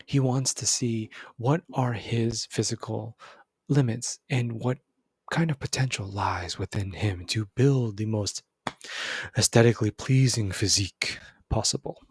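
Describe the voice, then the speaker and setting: Gravelly young man giving pep talk. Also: lowish voice, measured pace, dry recording. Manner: rambling, animated, self-correcting, calls listener "bro". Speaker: self-improvement video host. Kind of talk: casual motivational talk.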